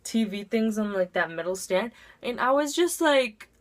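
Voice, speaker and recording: A woman's voice: fairly high pitch, animated, normal speed. Chatty teen girl telling a story. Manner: chatty, heavy use of "like". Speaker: vlogger. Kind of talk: casual storytime.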